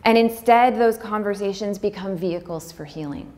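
A woman giving a personal talk, speaking candidly and heartfelt with fillers, sometimes breaking into quick, acted-out dialogue. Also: medium pitch, a little mellow. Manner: acts out dialogue in quick bursts. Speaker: speaker on pregnancy loss.

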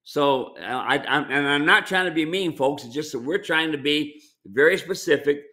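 Folksy middle-aged ranch owner, bright tense tone, chatty live Q&A. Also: male voice, on the high side, normal speed. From United States. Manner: folksy, repeats words, addresses "folks". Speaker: mule ranch owner and trainer. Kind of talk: casual live-stream Q&A.

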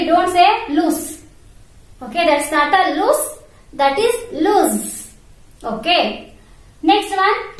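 A woman's voice: extremely high pitch, a bit bright. A woman teaching an online primary school English class, spelling words out letter by letter and repeating their pronunciation. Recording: very echoey room.

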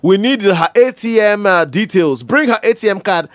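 A woman's voice: mid-range voice, lively intonation, normal speed, dry recording, clean studio sound, natural voice. A woman playing a scheming male phone scammer who poses as a banker, coaxing and stammering when flustered. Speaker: comedy skit actor. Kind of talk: comedy skit acting.

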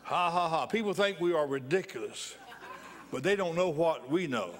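A pastor preaches in a church, his voice sitting a little higher than most men's. He drives points home by repeating his phrases and breaks into hearty laughter as he urges joy. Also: lively intonation, moderate pace. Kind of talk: sermon.

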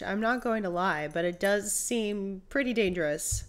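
A young woman talks through a video she is watching in an easy, casual reaction style. She thinks aloud and bursts into excited exclamations, her voice sitting at an ordinary middle pitch. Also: unhurried, hardly any pauses, slight background noise.

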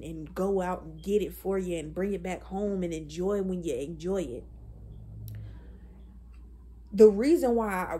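Young woman in her 20s just talking, husky mellow voice, blunt and cussing a lot. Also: lowish voice. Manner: blunt, profane and animated. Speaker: vlogger. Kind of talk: casual chat.

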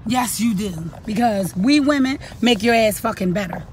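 A woman's voice: fairly high pitch, normal speed, a little mellow, a little hiss or hum. A woman, ranting bluntly and profanely to her viewers about relationships in an unscripted vlog. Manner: blunt, profane, preachy, addresses viewers directly. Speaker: vlogger. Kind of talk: unscripted relationship rant to camera.

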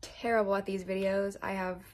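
With a flat delivery and a darkish tone, a twentysomething model speaks at normal speed in a mid-range voice. She's applying makeup for a casual vlog, rambling nervously and being self-deprecating.

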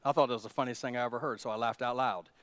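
A man's voice: mid-range voice, fairly even intonation, rapid-fire, fairly bright tone, no echo. Male pastor, conversational storyteller with emphatic peaks; dry close mic, no room sound. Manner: storytelling, many restarts and fillers, building to emphatic peaks. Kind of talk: conversational sermon. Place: church.

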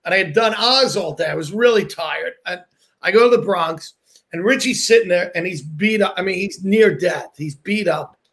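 Male comic in casual talk, high and bright, lively storyteller who acts out dialogue. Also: moderate pace. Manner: animated storyteller, swears, acts out quotes. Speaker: comedian guest.

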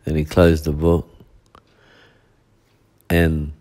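A man's voice: a bass voice, monotone, drawn-out words, dark tone. A male pastor, preaching a midweek sermon with heavy repetition and rhetorical asides.

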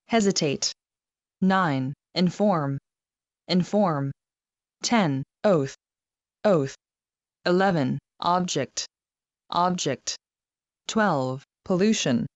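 A woman reading a numbered vocabulary list for a test, saying each word twice, evenly and deliberately. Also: low voice, no room sound, lo-fi sound.

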